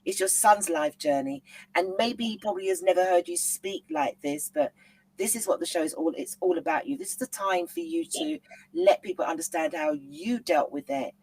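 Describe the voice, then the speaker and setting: A woman hosting an interview, speaking gently and encouragingly and repeating her reassurances. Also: on the low side, sing-song, normal speed, rough recording. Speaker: host. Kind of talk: supportive interview.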